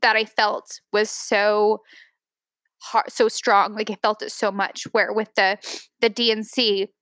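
Woman, thirties, podcast guest, teary, halting storyteller, dry sound. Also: medium pitch, a bit bright, dry recording. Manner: tearful, halting, many restarts and fillers. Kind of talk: emotional personal story on a podcast.

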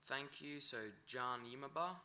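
A man's voice: mid-range voice, pushed and bright, slight background noise. A man teaching an Indigenous language, sounding out words syllable by syllable. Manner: breaks words into syllables, slow and deliberate. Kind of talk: pronunciation lesson.

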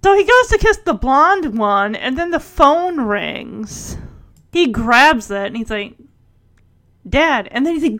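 A woman casually recapping a TV episode, laughing often and acting out the characters' lines in quick voices. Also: high voice, very animated, fairly bright tone.

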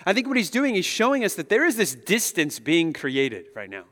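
A man in his thirties, a pastor giving a conversational, animated sermon and chuckling often as he speaks to the room. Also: sits high, moderate pace. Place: large hall with an audience. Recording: long echo of a big hall.

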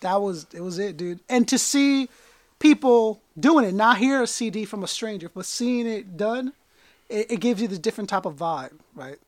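A man's voice: high-pitched, animated, normal speed, no room sound. A man hosting a casual hip hop podcast, talking with loose energy, often repeating and restarting his words. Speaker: podcast host.

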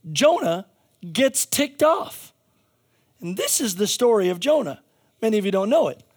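A man's voice: high-pitched, big pitch swings, measured pace, breathy edge. A male pastor giving a conversational sermon, telling a story with jokey asides and frequent restarts.

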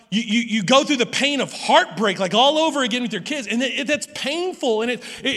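A middle-aged pastor with a very high, bright voice preaches a sermon, his sound carrying a long reverb through a large hall. He tells a story in a halting way, repeating words and restarting. His delivery drops to a hush and then rises loud again. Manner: swings between hushed and loud passages.

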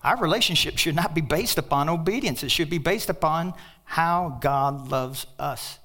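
An older man preaching a sermon as pastor, emphatic, with sudden loud outbursts and joking asides. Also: on the high side, moderate pace.

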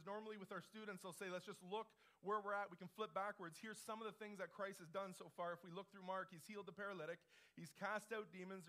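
A man's voice: high-pitched, fairly bright tone. A male pastor preaching a sermon, telling the story in a conversational, emphatic way with repeated phrases. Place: church service.

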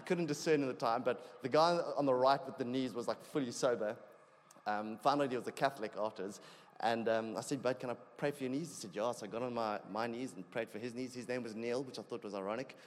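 A man preaching a sermon in a conversational way, growing animated as he tells a personal story. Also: medium pitch. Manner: conversational, animated when telling stories. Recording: long hall reverb.

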